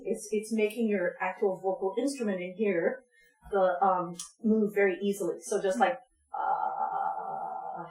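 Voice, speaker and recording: A woman leading a vocal workshop, talking informally with lots of ums and laughs, and breaking into short sung demonstrations. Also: medium pitch. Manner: chatty, laughs often, many ums, demonstrates sounds. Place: community music space, roomy. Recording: echoey room.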